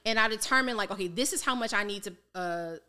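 A woman's voice: medium pitch, quick pace, smooth. A woman from Maryland, a financial coach, telling her story in a candid, casual way with slang, acting out what people said. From Maryland, United States. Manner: animated, slangy, acts out quoted voices.

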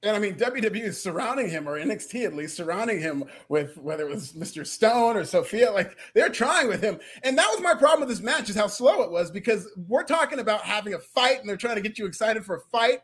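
High-voiced, animated male podcaster. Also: quick pace, hardly any pauses, slightly rough. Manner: animated, joking, laughs often. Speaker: podcast co-host. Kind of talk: casual wrestling chat.

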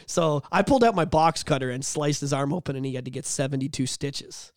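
A man's voice: fairly high pitch, fairly quick, no echo, studio quality. A young man co-hosting a podcast, telling profane stories in casual chat and acting out the voices of people in them. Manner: animated storytelling, profane, acts out voices. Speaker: podcast co-host.

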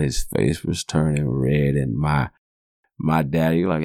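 A man's voice: extremely low pitch, fairly even intonation, slow pace, gravelly, mellow, dry recording, clean studio sound. A man in his forties hosting a podcast, telling rambling, profane stories in a laid-back way. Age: 40s. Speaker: podcast host. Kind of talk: casual storytelling monologue.

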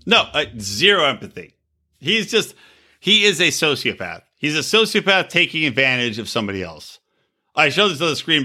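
Brief: middle-aged male co-host, sharp bright tone, animated, profane reality-TV banter. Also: medium pitch. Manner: animated, profane, jokey, puts on silly voices. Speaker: podcast co-host. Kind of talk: casual reality-TV recap chat.

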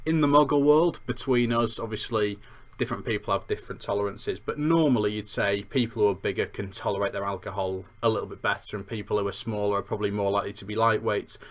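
A man's voice: fairly low pitch, quick pace. A man hosting a podcast, reviewing a book chapter in a rambling, self-deprecating chatty way. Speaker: podcast host. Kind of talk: chatty book review with read-aloud passages.

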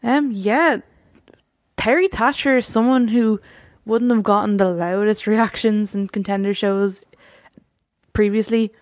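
A woman's voice: medium pitch, fairly even intonation, measured pace, dry recording. A woman co-hosting a podcast, chatting casually about a wrestling show, laughing often and rambling through restarts. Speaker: podcast co-host.

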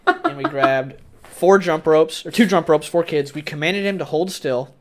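A man's voice: on the high side, moderate pace, noisy background. A man in casual chat, telling crude childhood stories with a loose, joking manner. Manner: crude storytelling, acts out voices and screams.

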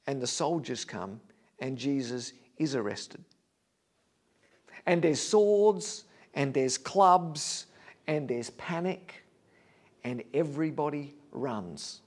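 A preacher tells a story to his congregation in a somewhat higher male voice. He retells it vividly, rising loud and then dropping to a near hush. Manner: vivid retelling, swings between loud and hushed. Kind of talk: sermon storytelling.

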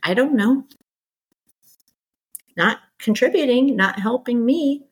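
A middle-aged woman, a podcast guest, telling her story in candid conversation and acting out exasperated quotes in lively bursts. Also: fairly high pitch, slow pace, husky, poor audio. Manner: animated, exasperated, quoting others in lively bursts.

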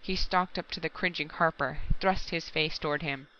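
A woman narrating a science fiction story aloud in a steady, measured audiobook reading. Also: deep voice, dull audio. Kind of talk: scripted narration.

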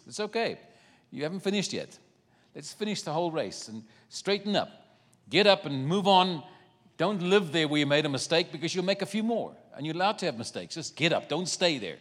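A man preaching a sermon, retelling a scripture story with animated, acted-out voices and asides. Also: a little high, big-room sound.

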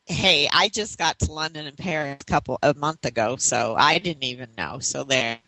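Teasing bright-voiced woman co-host. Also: deep voice, normal speed, dry recording, poor audio. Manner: teasing, playful banter. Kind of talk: casual radio chat.

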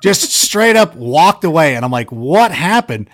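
A man casually telling stories on a podcast, animated and self-deprecating, filling his talk with "like" and "you know". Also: fairly high pitch, normal speed. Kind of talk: casual storytelling chat.

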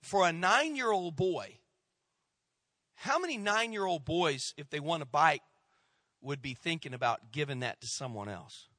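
A middle-aged man preaching a sermon as a lively storyteller, slipping into the voices of the people he quotes and sinking low for the tense parts. His voice is bright and forceful, on the high side for a man. The sound is close and dry. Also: unhurried, no room sound. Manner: animated storyteller, acts out quoted voices, drops to hushed tones. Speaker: pastor.

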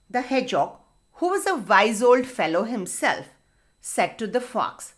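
A woman telling a storybook tale to children, expressive and speaking to them directly. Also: on the high side, a little slow.

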